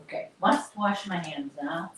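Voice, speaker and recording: Slow, low-voiced woman chatting. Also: noisy background. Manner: chatty and rambling, talks to viewers and her dog. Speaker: crochet livestream host. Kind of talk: casual livestream chat.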